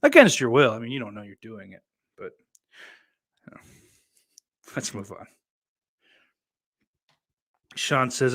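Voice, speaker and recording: A man with a Southern accent reads out listener comments and rambles through them with sardonic, profane asides. His voice sits in an ordinary middle pitch for a man. He talks like a podcast host chatting casually. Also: very animated, slow pace, pauses often, fairly bright tone. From New York.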